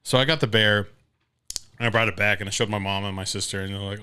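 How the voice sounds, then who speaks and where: With a fairly low, clear, resonant voice and a quick pace, a late-twenties man co-hosting a casual podcast tells a profane, animated story, performing the voices of others.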